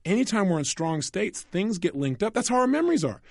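High, lively man coaching listeners. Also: no room sound, studio quality. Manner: animated, asks the listener rhetorical questions; conversational, acts out little scenes in quick voices. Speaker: self-help coach. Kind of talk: motivational audio program lecture.

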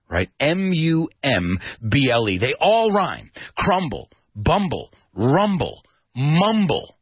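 A man hosting a radio English lesson as DJ and teacher, animated and demonstrative, spelling out words and acting out their meanings. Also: medium pitch, a little slow, husky, no room sound, highs cut off. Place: radio studio.

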